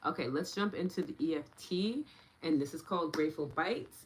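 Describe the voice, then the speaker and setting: A young woman with a New York accent guides a live online session in a low, grounded voice. She talks to her viewers in a loose, chatty way and breaks into bubbly excitement. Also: normal speed, rough recording. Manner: bubbly, bursts into excited laughter. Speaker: meditation and tapping guide. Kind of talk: casual live-stream teaching while reading chat.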